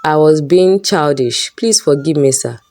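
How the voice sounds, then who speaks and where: A tired young student girl, read by a woman storyteller pleads and protests in a low, dark voice. Her indignation stays plain rather than loud, and soft music runs underneath. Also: lively intonation, a little slow. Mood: distressed.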